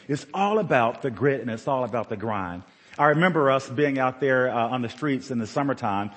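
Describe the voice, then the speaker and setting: A middle-aged American man preaching a sermon to his congregation, telling stories in an animated way with sudden bursts of excitement. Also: slightly rough, long reverb tail. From United States. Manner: animated storytelling with shifting pitch and bursts of excitement. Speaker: pastor.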